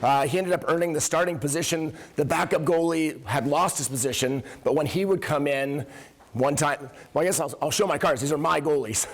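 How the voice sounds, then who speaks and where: A man's voice: on the high side, brisk. A middle-aged man, a coach giving a conference talk, telling anecdotes and acting out the dialogue in them. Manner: animated storyteller who acts out dialogue. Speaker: coach and workshop speaker. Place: conference room.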